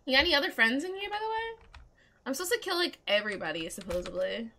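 A woman narrates her gaming session in a casual, excitable let's-play style and chats with the characters on screen. Her voice sits high and sounds bright and sharp. Her pitch leaps around animatedly. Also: fast talker. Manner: chatty and excitable, talks to game characters. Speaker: gamer playing a role-playing game.

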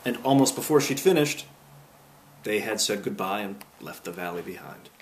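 A man narrating a storybook aloud, gentle and unhurried with small slips. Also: lowish voice, animated. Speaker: audiobook reader.

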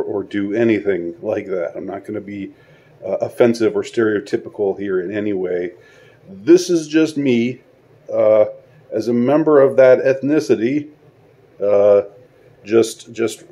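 A man delivering a spoken video monologue, halting and searching for words, with sarcastic rhetorical questions. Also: on the low side, mellow, breathy edge. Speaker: online commentator.

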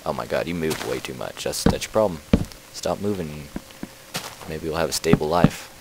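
A man's voice: rumbling low, moderate pace, very noisy. A man casually commenting on his own gameplay, rambling and easily distracted, with playful trash talk aimed at animals in the game. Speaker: let's play host.

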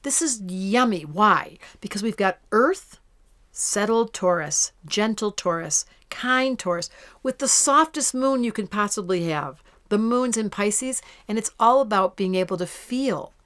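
A woman astrologer giving a casual horoscope talk to camera in a playful way, drawing out her soft words. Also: mid-range voice, lively intonation, measured pace.

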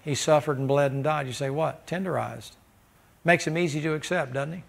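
A preacher with a gravelly, slightly high voice delivers a folksy sermon. He jokes with the congregation and breaks into loud bursts of laughter. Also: steady tone, a little fast.

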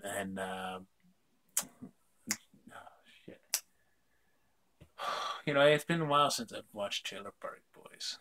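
A man's voice: lowish voice, a bit bright. A young man chatting casually on his vlog, rambling with lots of fillers and casual swearing. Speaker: vlog host. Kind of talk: casual chat.

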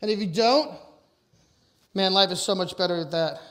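A middle-aged man giving a motivational talk to an audience, loud and emphatic as he tells personal stories. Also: high voice, normal speed. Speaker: motivational speaker.

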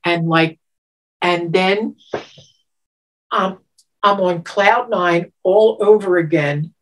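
A woman in her seventies telling a personal story in an interview, animated, laughing often and getting emotional with halting restarts. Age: 70s. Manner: animated, laughs often, acts out quotes with sudden pitch jumps. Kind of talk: storytelling, recounting a personal memory.

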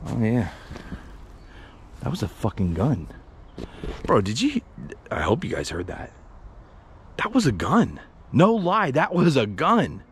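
A man's voice: mid-range voice, wildly swooping pitch, slow pace, long pauses, a little hiss or hum. A man vlogging alone on an outdoor trail, joking and chatting to his viewers nonstop. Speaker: paranormal explorer vlogger. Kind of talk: rambling solo commentary.

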